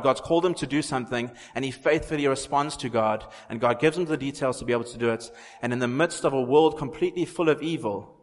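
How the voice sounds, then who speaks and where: A man preaching a sermon in an earnest way, repeating phrases for emphasis. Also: medium pitch. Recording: long hall reverb.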